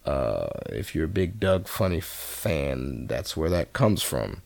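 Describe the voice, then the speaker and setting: A man with a very deep voice hosts a freeform solo podcast from his seat at home. He talks in a loose, rambling, profane way, full of restarts and side tangents. The sound is dry and close, with no room echo. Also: very animated, slow pace, vocal fry, a little mellow. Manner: rambling, profane and laid-back, with many restarts and asides. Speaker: podcast host.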